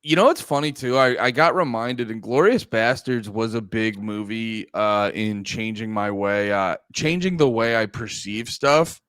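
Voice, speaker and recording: A young man co-hosting a podcast, chatting casually and excitedly about films, swearing freely. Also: fairly low pitch, measured pace, few pauses, smooth, no echo. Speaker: podcast co-host. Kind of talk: casual film chat.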